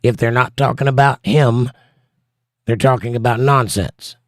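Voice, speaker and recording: A man's voice: mid-range voice, measured pace, no echo, studio quality. Wry man reading chat on a livestream. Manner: wry, joking, reads comments aloud.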